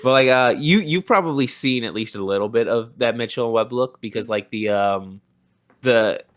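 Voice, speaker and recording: A young man co-hosting a podcast talks at a normal speed in a medium-pitched voice. His casual chat rambles, with lots of restarts and fillers.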